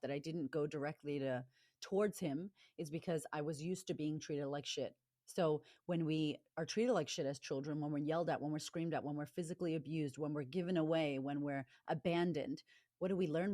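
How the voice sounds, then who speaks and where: A woman's voice: deep voice, warm tone, no echo, clean studio sound. A middle-aged woman talking candidly as an interview guest, blunt and frank, swearing freely. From Latina, grew up in a rough neighborhood. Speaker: guest, confidence coach.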